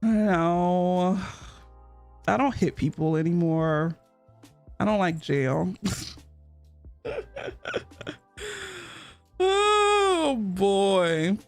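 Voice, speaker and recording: A woman's voice: lowish voice, sing-song, very slow, long pauses, soft background music. A young woman streaming a game, chatting casually in a blunt, profane way and laughing often.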